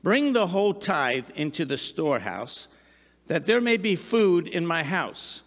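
A middle-aged man preaching a sermon, chatty and animated, with asides and questions to the congregation. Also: a little high, a little slow. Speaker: pastor. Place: church sanctuary. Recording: long reverb of a large hall.

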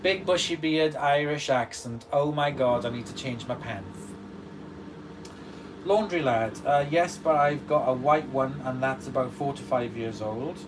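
A man with a medium-pitched voice and measured pace runs a casual livestream, reading comments and answering viewers. The recording comes from a distant mic, with the steady noise of a washing machine running beside him.

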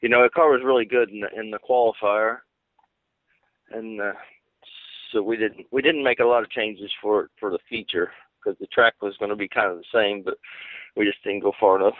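A man who drives race cars, answering interview questions in a halting, plain-spoken way. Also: fairly low pitch, steady tone, no echo. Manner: halting, many fillers and restarts, plain-spoken. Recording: tinny phone-like line.

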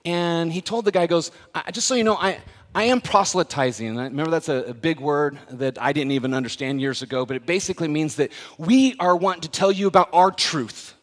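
A man preaching a sermon as the pastor, talking casually and then building to loud, emphatic preaching. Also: a little high, brisk, hardly any pauses. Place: church sanctuary. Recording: long reverb of a church hall.

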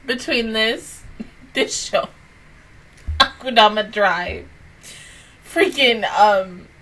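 High bright-voiced tearful woman. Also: very slow, distant mic, low-quality recording. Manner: tearful, laughing between words, exclaiming. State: crying. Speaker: anime reaction video host. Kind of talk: emotional casual reaction chat.

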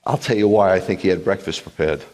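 A man with a lowish voice delivers a sermon as a rabbi, animated and quick with wry asides. His voice carries a long reverberant tail from a large congregation hall. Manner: animated, joking asides, acts out quotes.

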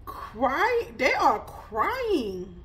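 A woman's voice: sits high, huge pitch swings, extremely slow, fairly bright tone, a little hiss or hum. A woman, giving a chatty spiritual reading full of laughs and sassy asides. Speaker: spiritual reader. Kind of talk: casual spiritual reading vlog.

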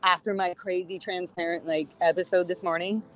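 A woman live-streaming outdoors, chatting casually in a rambling, animated way and swearing freely. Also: on the low side, a little fast. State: hot and sweating. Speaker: livestreamer. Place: outdoors on a city street.

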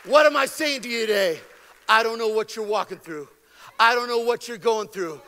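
A male pastor preaching an impassioned sermon, with stammered restarts and repetitions that build into shouted exhortations. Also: very high-pitched, moderate pace, faint music behind, a faint crowd. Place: church sanctuary. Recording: long reverb of a large hall.

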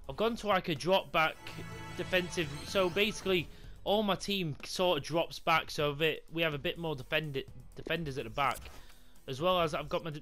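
A young man commentating his football game, swearing and shouting in frustration. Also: fairly high pitch. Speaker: gaming YouTuber. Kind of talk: raging gameplay commentary.

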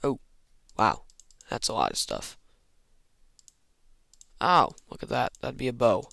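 A man's voice: medium pitch, huge pitch swings, slow pace, creaky, a bit bright, no room sound. A man giving rambling, self-mocking commentary while playing a game, muttering asides to himself. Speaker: Minecraft let's player. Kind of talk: casual gameplay commentary.

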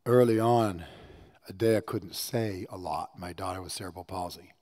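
A male pastor preaching a conversational sermon with personal stories, swinging from hushed, low passages to loud, animated ones. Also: moderate pace. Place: church service.

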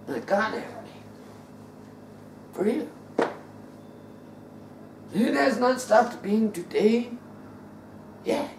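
Preacher, male, unhurried and theatrical, heard from a distance in a reverberant church hall. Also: high voice, animated, noisy background. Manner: dramatic, swings between loud outbursts and quiet asides; acts out biblical characters in voice. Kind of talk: sermon. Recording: roomy echo, distant mic.

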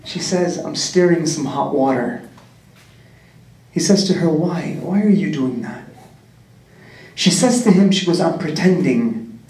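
A man's voice: a little high, animated, a little slow, long pauses, warm tone, far from the mic. A man tells a religious story to a community, earnestly asking his listeners rhetorical questions. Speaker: community speaker. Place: large prayer hall. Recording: echoey hall, mic set back.

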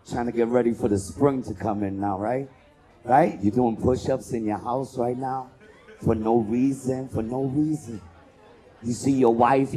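A man doing a loud, profane stand-up comedy set as host, working the crowd and acting out bits. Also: medium pitch. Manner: loud, profane, animated crowd work with acted-out voices.

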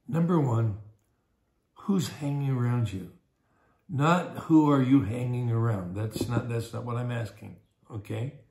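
A man's voice: medium pitch, a little mellow, reverberant. An older man, a pastor teaching a Bible study in a conversational way, often repeating words and acting out small everyday scenes.

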